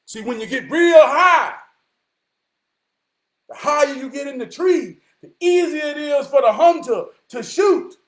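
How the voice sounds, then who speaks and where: Speaking in a remarkably high, animated voice, this motivational vlogger preaches emphatically and with profanity, frequently shouting. He slows down and repeats key lines for weight.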